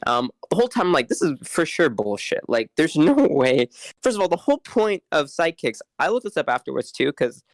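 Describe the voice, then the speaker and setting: Young man with a lively, rambling delivery. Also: on the high side, moderate pace, no echo, low-quality recording. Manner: rambling storyteller, lots of fillers. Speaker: podcast co-host. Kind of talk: casual chat.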